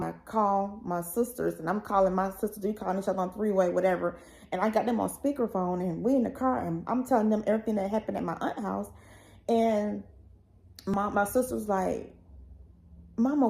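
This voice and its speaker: A woman's voice: medium pitch, vocal fry, darkish tone, low-quality recording. A woman vlogger recounting a painful personal story in a rambling, emotional way, full of fillers.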